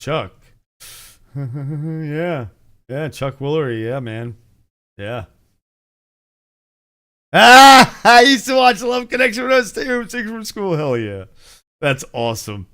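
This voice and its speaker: Rambling bright-voiced man host. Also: a little high, very animated, slow, pauses often, clean tone. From United States. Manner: rambling, swearing, laughs at own jokes. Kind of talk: casual entertainment news chat.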